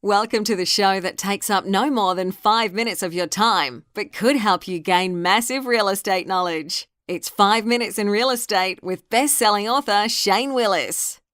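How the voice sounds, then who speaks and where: A woman's voice: mid-range voice, normal speed, hardly any pauses, a bit bright, no room sound, clean studio sound. A woman reading a polished, promotional scripted intro for a show as its announcer.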